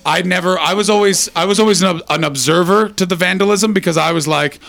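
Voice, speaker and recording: A man's voice: high voice, quick pace, vocal fry, few pauses, fairly bright tone, no room sound. A man from Canada doing profane, teasing crowd work as a stand-up comedian on a club stage. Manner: crude, teasing, profane banter.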